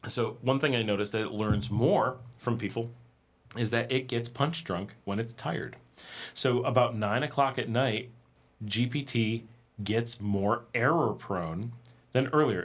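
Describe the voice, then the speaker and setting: Lowish-voiced man chatting on a livestream. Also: a little slow. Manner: conversational, animated, acts out exasperated user quotes. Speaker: livestream host. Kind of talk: casual livestream chat. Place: home in Nicaragua.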